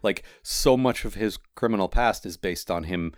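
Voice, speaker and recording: A man with a very deep voice co-hosts a casual book chat and works his thoughts out aloud. His talk is loose and halting. The sound is dry and close. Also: no room sound. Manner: thinks aloud, with fillers and restarts. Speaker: podcast co-host.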